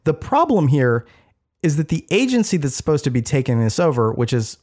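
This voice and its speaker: Man, podcast co-host, middle-pitched voice, explains at length, halting, wry. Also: darkish tone. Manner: explains at length with many fillers and restarts, wry asides. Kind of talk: casual chat.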